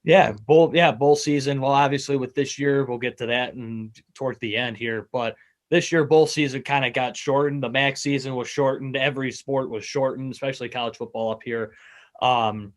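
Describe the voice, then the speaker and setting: An American man with a mid-pitched voice hosts a casual sports talk show. He asks quick questions with friendly eagerness. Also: steady tone. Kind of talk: casual interview.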